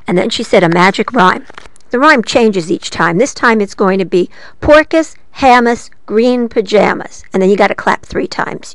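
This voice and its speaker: A woman librarian telling a story to children, playful and lively, asking her listeners questions as she goes. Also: medium pitch.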